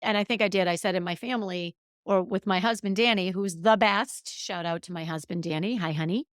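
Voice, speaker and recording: This middle-aged podcast host has a fairly low voice and talks fairly quickly on her casual solo show. There's no room sound, just clean studio audio, as she speaks candidly and emphatically, often poking fun at herself.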